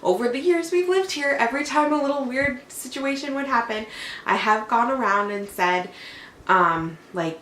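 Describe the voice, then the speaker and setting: Chatty young mom in an echoey room. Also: female voice, on the high side, normal speed, a bit bright. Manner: chatty, rambling, heavy use of "like". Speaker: mother and vlogger. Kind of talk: casual chat, telling a personal story. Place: at home. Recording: echoey room, faint background hum.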